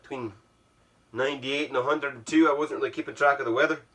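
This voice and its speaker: Sitting in an ice bath at home, a man muses aloud for his vlog, rambling and self-deprecating, using an affected Irish accent. His fast delivery is mid-pitched, fairly bright and fairly level in intonation, captured at a distance from the mic. It's a relaxed, reflective monologue.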